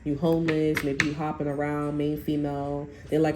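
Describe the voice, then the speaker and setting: A woman's voice: deep voice, little pitch movement, unhurried, long pauses, dark tone, slight background noise. A woman giving a casual tarot reading, talking bluntly and swearing, acting out what others say in a raised voice. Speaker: tarot reader. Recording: roomy sound with faint music.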